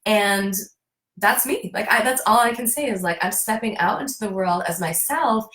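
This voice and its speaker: An effusive woman talks in a casual interview, her voice at a middle pitch. She acts out her own quoted thoughts as she goes. The room gives her voice a roomy echo. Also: normal speed, fairly bright tone. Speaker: guest. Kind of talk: casual conversation.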